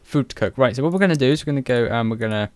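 A man's voice: mid-range voice, expressive, racing, no room sound. A young man hosting his own game video, chatty, self-mocking and sweary as he narrates what he does. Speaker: gaming video host. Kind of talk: casual game commentary.

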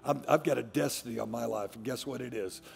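A middle-aged man, a pastor, preaching a fiery sermon that swings from hushed tones to shouting. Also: mid-range voice, fast talker, vocal fry. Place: large church sanctuary. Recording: long church-hall reverb, faint music.

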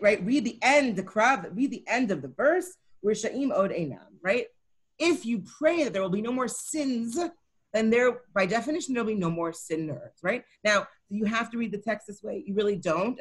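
A woman's voice: on the high side, slightly rough. A woman teaching a Talmud study session, explaining each line and often checking in with her listeners. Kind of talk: co-taught text study session.

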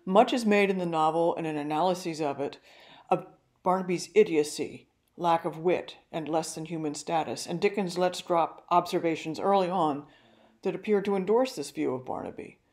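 Older woman giving a measured literary talk. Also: fairly low pitch, a little mellow. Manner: measured, careful reading.

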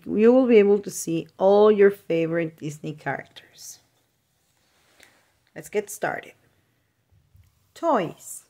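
A woman hosting a storytime channel, reading a children's picture book aloud word by word, with playful animal sounds. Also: fairly low pitch. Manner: names words one at a time with pauses, playful animal sounds.

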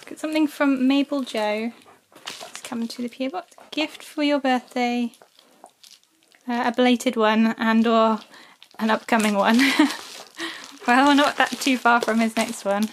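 A woman's voice: fairly high pitch, a bit bright, slight background noise. A woman chatting casually as she opens fan mail at home and coos at her dog in a sing-song voice. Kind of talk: casual chat.

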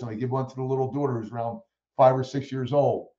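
A man telling stories as a guest in an interview, acting out the people he quotes with lively energy. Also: medium pitch, fast talker, roomy sound, highs cut off. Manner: animated storyteller who acts out quoted voices. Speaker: guest speaker. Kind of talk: storytelling in a podcast interview.

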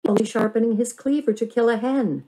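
A woman voicing a calm older girl who teases her cousin offhandedly in a storybook reading. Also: a little high, a little fast, breathy edge, pitched above the performer's own voice, poor audio. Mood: teasing. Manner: teasing, offhand.

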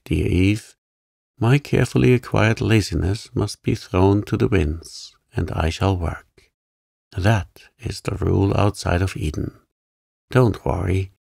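A man voicing a charming, playful young gentleman artist in a sleep-story reading, teasing and light. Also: fairly low pitch, unhurried, gravelly, husky, no echo, clean studio sound, full character voice.

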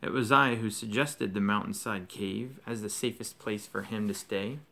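A man reading aloud, voicing a calm, wise old male headmaster in a soft, slow, measured way. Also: on the low side, creaky. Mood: grave.

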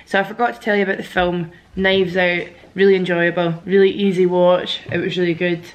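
Sick Scottish woman vlogging, low voice. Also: little pitch movement, a little fast. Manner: chatty, candid and a little weary. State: sick and congested. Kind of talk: casual vlog chat.

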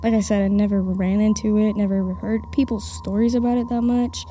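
A woman's voice: medium pitch, little pitch movement, brisk, warm tone, a little hiss or hum. A young woman from the audience casually telling a ghost story, chatty with lots of fillers.

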